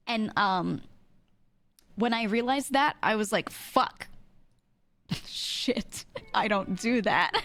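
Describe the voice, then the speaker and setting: A woman's voice: mid-range voice, a bit bright. A young woman streaming from home, chatting casually with many fillers, swearing and laughing often. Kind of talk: casual live-stream chat.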